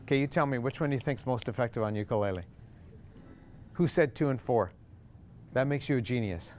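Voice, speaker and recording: A man's voice: mid-range voice, a little fast, a little hiss or hum. A man teaching a group ukulele class, counting beats aloud, calling chords and quizzing the students. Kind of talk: group music lesson. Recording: loud ukulele strumming behind.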